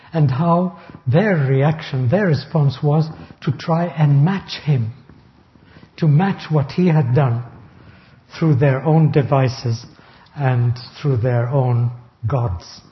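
A man preaching a sermon, reading scripture slowly and deliberately and stressing key words. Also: a little high, lo-fi sound. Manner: slow, deliberate reading of scripture with emphatic rises. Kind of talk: sermon, Bible exposition.

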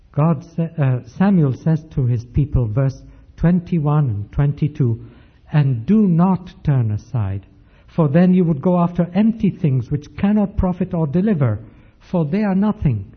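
A man preaching a sermon, slow and emphatic, with measured pauses. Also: on the high side, breathy edge. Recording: dull lo-fi recording.

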